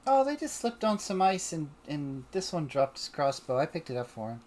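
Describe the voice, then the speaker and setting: Woman plays a relaxed adventurer, low register, talks a guard down offhandedly. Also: normal speed, slight background noise. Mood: casual.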